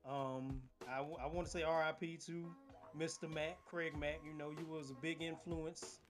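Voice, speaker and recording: Laid-back man co-hosting, higher voice. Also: flat delivery, moderate pace, faint music behind. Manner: laid-back, laughs along, riffs on jokes. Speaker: podcast co-host. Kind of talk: casual chat.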